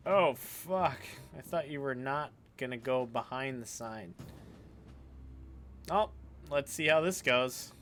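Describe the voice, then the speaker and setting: A man with a Kentucky accent who talks fast, joking and cursing as he streams a video game. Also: medium pitch, a bit bright, faint music behind. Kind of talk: casual live-stream commentary.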